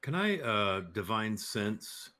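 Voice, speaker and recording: Male player, polite and formal in character, fairly low voice. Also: sing-song, slow, bright, forceful tone. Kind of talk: tabletop game play, in and out of character.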